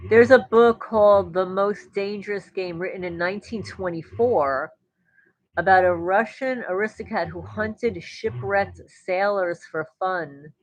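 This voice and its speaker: A woman's voice: mid-range voice, measured pace, dry recording, poor audio. A woman hosting a livestream, chatting in a rambling way and answering viewer comments. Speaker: livestream host. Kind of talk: casual livestream chat.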